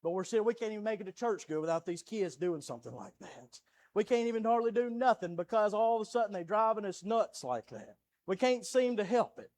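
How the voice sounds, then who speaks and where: A young adult man with a Southern American accent, preaching a sermon from the pulpit, swinging from quiet storytelling to loud, pleading preaching. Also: high voice, lively intonation, brisk. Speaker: pastor. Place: church sanctuary.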